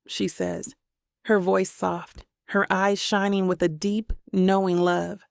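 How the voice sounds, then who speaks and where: A woman narrating a romance audiobook in first person, measured and steady. Her voice has a gravelly fry and barely rises or falls. The sound is dry and close to the mic. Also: mid-range voice, dry recording.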